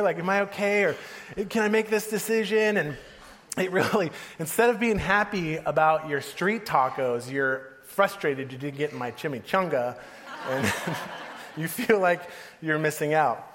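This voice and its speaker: A man's voice: on the high side, a little slow, fairly bright tone, slight background noise. A man in his thirties giving a casual, joking sermon, often laughing as he talks. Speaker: pastor. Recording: long hall reverb.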